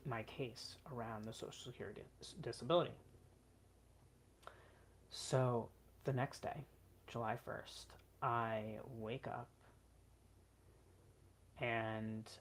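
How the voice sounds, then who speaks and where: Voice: medium pitch, a little hiss or hum. A vlogger telling a personal story in an earnest, emotional way, with frequent "like" and "um" fillers.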